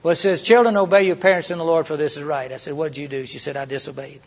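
A man's voice: fairly high pitch, very fast. A middle-aged man preaching in a conversational way, asking rhetorical questions and acting out quoted lines. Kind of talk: sermon teaching. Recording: dull lo-fi sermon recording.

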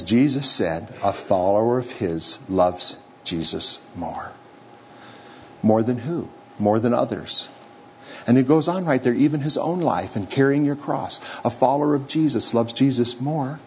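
Unhurried and a little mellow at a medium pitch, a man preaches to a live crowd in a church or hall, playfully voicing the people in his story. Faint room noise sits under a slightly dull recording.

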